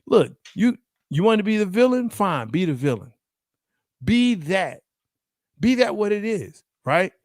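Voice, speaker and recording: A man hosting a casual sports debate show, animated, laughing often and acting out quotes. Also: sits high, measured pace, pauses often, no room sound, studio quality.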